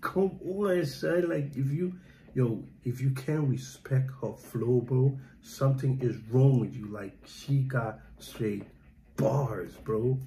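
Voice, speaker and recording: A man's voice: medium pitch, slow. A man, hosting a reaction video with hyped, exclaiming casual commentary. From Guyana. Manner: hyped, exclaiming, shouts of surprise.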